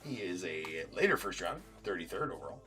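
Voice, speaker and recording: A very deep-voiced man runs a live card break stream, reading off long lists of teams and names. His pitch swings freely as he chats and jokes with the viewers. Faint music plays behind him. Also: sing-song, a little fast, bright, forceful tone. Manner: chatty, rattles off team and name lists, jokes with viewers.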